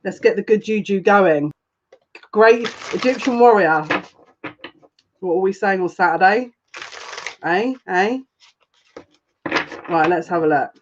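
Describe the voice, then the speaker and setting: A woman giving a live-streamed tarot reading, chatting with viewers, emotional and gushing, with excitable quick restarts. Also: medium pitch, highs cut off, background noise. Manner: emotional and gushing, easily moved. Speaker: psychic tarot reader.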